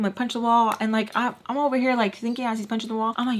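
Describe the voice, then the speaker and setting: A young woman vlogger telling a long story in a casual, animated way, talking straight to her viewers, with frequent "like"s and blunt swearing. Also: a little high, brisk, few pauses, a little hiss or hum. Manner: animated, chatty, swears, addresses viewers as y'all.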